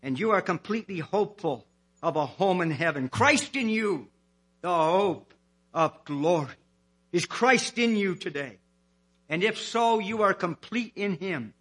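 A man preaching a fervent sermon, hollering with passion and slowing down to stress key words. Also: high-pitched, lively intonation, fairly bright tone, slightly rough.

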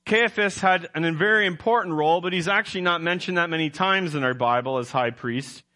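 A man's voice: on the high side, brisk, bright, forceful tone. A man preaching a sermon as pastor, emphatic, quizzing his congregation and correcting himself as he goes.

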